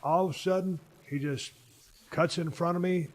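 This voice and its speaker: A man's voice: sits high, fairly even intonation, normal speed. Profane rambling storyteller man. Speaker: podcast host. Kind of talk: casual chat.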